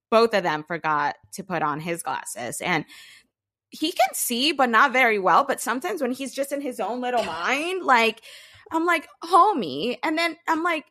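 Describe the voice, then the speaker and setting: A woman with a fairly high voice co-hosts a casual podcast. She tells her family stories in an animated, excitable way. She sounds like a busy mom in her thirties. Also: unhurried. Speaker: podcast co-host. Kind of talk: casual chat.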